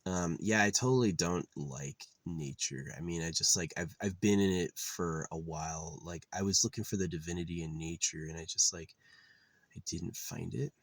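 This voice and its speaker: A man's voice: low-pitched, moderate pace, no room sound. A man talking to camera in a meandering, profane monologue, full of fillers and restarts. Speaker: vlogger. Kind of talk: rambling casual monologue.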